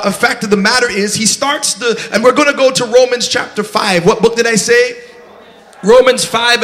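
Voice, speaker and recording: A man's voice: high-pitched, fairly bright tone. A man preaching a sermon in a church, fervent and call-and-response, often breaking into song.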